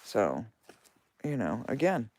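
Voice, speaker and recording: A man on a late-night walk outdoors, telling a story in a casual, animated way, swearing freely and laughing, recorded on a phone. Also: mid-range voice, slow pace. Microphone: phone held while walking.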